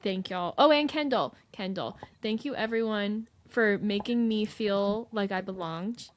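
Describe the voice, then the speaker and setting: A woman's voice: mid-range voice, a little slow, slight background noise. A young woman, co-hosting a podcast and telling an emotional story in casual chat. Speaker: podcast co-host.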